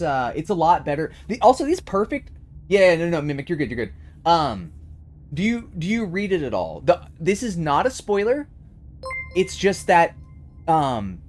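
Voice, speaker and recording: Animated streamer man chatting with viewers. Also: on the high side. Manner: chatty, reads and answers chat, animated. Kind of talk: casual live-stream chat.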